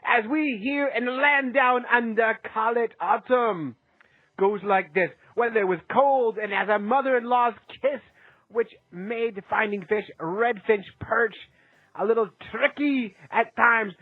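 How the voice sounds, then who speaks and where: A caller putting on a hammy, slang-heavy Australian lure-maker persona. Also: male voice, extremely high pitch, measured pace, no room sound, phone-quality sound. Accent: put-on Australian. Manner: hammy, slang-heavy, laughing at his own impression.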